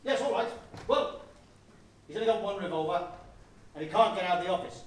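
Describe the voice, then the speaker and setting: An actor on stage playing a pompous, blustering middle-aged Home Guard captain, recorded from far off in an echoey hall. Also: male voice, high voice, expressive, brisk. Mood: confident. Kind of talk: amateur stage comedy performance. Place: theatre stage.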